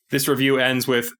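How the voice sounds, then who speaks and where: Dude cohosting a film podcast, dry wry jokes, medium pitch. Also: male voice, fairly bright tone. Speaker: podcast co-host. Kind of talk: casual film discussion.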